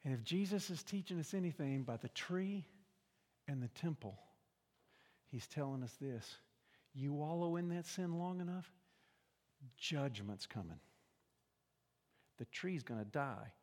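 An older man delivers a sermon in a fairly high voice, swinging between hushed, quiet lines and loud shouts. His voice carries the long reverb of a large hall. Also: expressive, unhurried, long pauses. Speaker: pastor.

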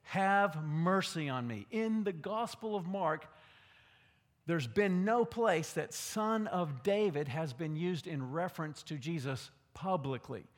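Male preacher, high voice, dramatic sermon delivery, loud to whisper, long hall reverb. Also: slow.

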